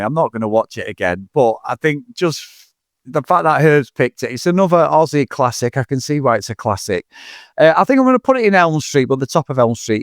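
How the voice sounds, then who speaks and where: A man's voice: medium pitch, no room sound, studio quality. A man in his forties, co-hosting a casual film review chat, rambling, swearing and laughing a lot. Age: 40s. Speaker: podcast co-host.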